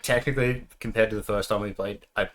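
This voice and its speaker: Easygoing low-voiced podcast man. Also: steady tone, fast. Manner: easygoing, short agreeing replies, defends himself good-naturedly. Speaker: podcast co-host. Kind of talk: casual chat.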